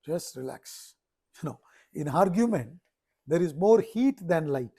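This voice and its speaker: A man's voice: a little high, animated, a little slow, warm tone, breathy edge. A man, a spiritual teacher explaining scripture and telling stories, often checking in with his listeners.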